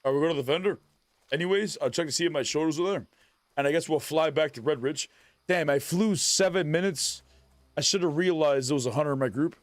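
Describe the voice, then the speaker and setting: A man's voice: fairly high pitch, fast, dry recording. A man streaming a video game, chatting casually with laid-back, jokey banter. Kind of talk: casual live-stream commentary.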